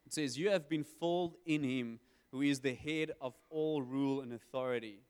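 A man preaching a sermon, conversational with quick asides and emphatic swells. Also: mid-range voice, darkish tone, clean tone. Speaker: pastor. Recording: hall with long reverb.

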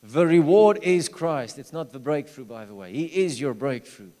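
A man preaching a sermon, telling stories, with loud urging that drops to low, hushed asides. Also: expressive, moderate pace. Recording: long hall reverb.

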